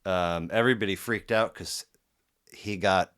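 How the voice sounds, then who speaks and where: A low-pitched man with a smooth, resonant voice, recorded close and dry. He chats loosely and profanely, piling up fillers and restarts as he tells his story. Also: a little slow, a bit bright, no echo. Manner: profane, rambling, filler-heavy. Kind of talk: casual storytelling chat.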